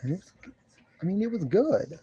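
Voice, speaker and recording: A man talks from his love seat at home, rambling through a casual review and repeating his own phrases. His voice is dark and mellow, and he sounds congested and keeps clearing his throat. The home recording sounds dull and lo-fi. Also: sits high, sing-song, moderate pace. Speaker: wrestling show reviewer. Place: living room at home, seated on a love seat. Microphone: camera in front of him.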